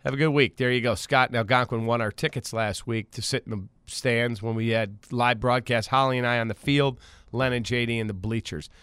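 Man, sports radio host, animated storyteller, casual talk, dry studio sound. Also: medium pitch, brisk, clean tone, no echo. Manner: animated storyteller, acts out quoted voices. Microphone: studio mic.

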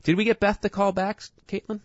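A man's voice: high voice, little pitch movement, a little fast, no echo. A man with a New York accent hosting a radio show, chatting casually and teasing his guests and callers. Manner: joking, teasing. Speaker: radio host. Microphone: studio microphone. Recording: slightly muffled dry studio sound.

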